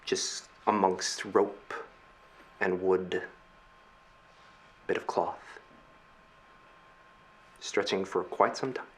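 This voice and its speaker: A male game master narrating a tabletop adventure. He talks slowly with deliberate pauses. His voice is bright and forward. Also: low voice, little pitch movement, slight background noise. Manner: slow, measured scene-setting with pauses.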